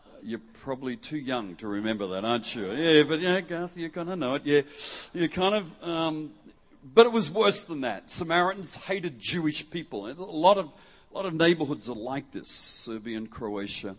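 Middle-aged preacher, husky voice, casual and jokey with the congregation, plays out little quotes. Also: male voice, fairly high pitch, lively intonation, normal speed. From Western Australia. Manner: jokey and conversational, acts out quotes. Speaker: guest preacher. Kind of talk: lively sermon with audience interaction. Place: church hall before a congregation.

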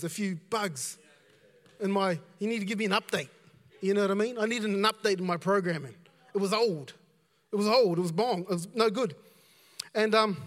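A man's voice: high-pitched, a bit bright, long reverb tail. A man preaching a conversational sermon as a pastor, repeating himself and dropping in asides.

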